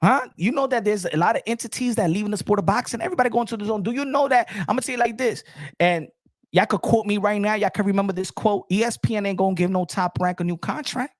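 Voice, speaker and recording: A man's voice: high voice, quick pace, no echo, studio quality. A man hosting a boxing talk show, ranting emphatically and switching between English and Spanish. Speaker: boxing channel host. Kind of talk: animated rant.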